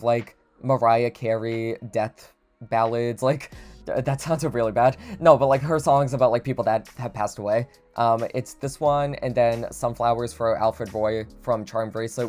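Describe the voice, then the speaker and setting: Guy gushing over songs in a chill review vlog, says like constantly, quiet music under him. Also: mid-range voice. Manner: gushing, heavy use of "like". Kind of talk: casual song-ranking review. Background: soft background music.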